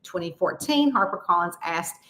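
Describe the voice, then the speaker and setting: A woman's voice: fairly low pitch, lively intonation, moderate pace, pushed and bright. A middle-aged woman, a mystery author chatting casually with readers and telling stories full of fillers. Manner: chatty storytelling with many fillers. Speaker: mystery author hosting a live chat. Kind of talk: casual chat.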